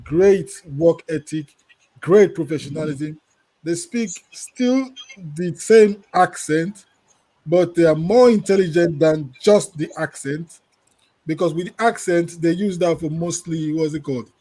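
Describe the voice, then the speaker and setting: A man from Nigeria co-hosting a casual podcast, who reads a listener comment aloud and then argues against it in a measured way. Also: on the high side, warm tone, rough recording. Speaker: podcast co-host.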